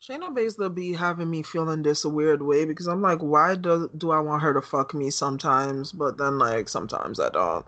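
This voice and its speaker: A woman's voice: sits low, normal speed, few pauses, a bit bright. A woman co-hosting a casual podcast chat, blunt and teasing, with plenty of swearing. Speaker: podcast co-host.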